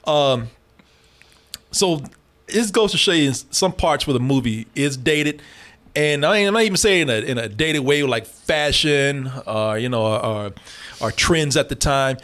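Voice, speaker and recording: A man's voice: a little high, normal speed. A man hosting a casual movie review chat, laughing often and swearing freely. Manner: laughing, profane, animated storyteller. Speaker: podcast host reviewing a movie.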